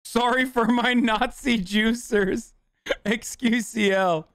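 A man streaming a casual reaction, talking in a profane, sarcastic, rapid-fire way into a close desk mic. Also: extremely high pitch, fairly even intonation, fairly bright tone, dry recording.

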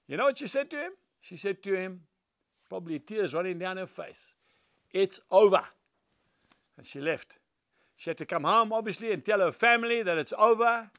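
A man's voice: high-pitched, animated, a little fast, bright, forceful tone, dry recording, studio quality. An older man, telling stories and preaching in an earnest, emphatic devotional talk.

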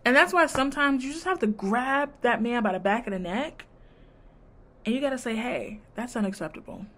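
A woman's voice: high voice, expressive, fairly quick, bright, forceful tone. A woman vlogger recapping a reality show in casual chat, with blunt, sassy commentary and slang. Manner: retells scenes by quoting people.

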